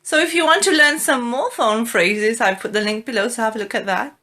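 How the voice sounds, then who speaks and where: A woman's voice: fairly high pitch, brisk, pushed and bright. A woman teaching English in an online lesson, acting out example requests and replies.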